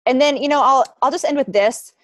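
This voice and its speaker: A woman's voice: high voice, fairly quick, dry recording. A young adult woman coaching her team on a call, telling a story in a chatty way and acting out the voices she quotes. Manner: chatty, acts out quoted voices, many likes and ums.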